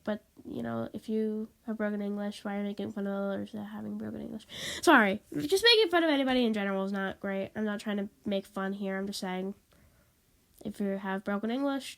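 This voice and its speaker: A woman vlogs on a tablet microphone in a brisk, creaky, medium-pitched voice with a steady tone. Her monologue is casual and rambling, and she sniffles with a stuffy nose while apologizing and repeating herself.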